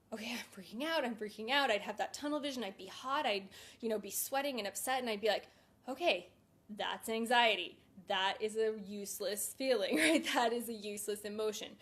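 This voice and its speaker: A woman's voice: medium pitch, fairly bright tone. A woman talking in a casual vlog, chatty and candid, with a lot of fillers. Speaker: fitness coach.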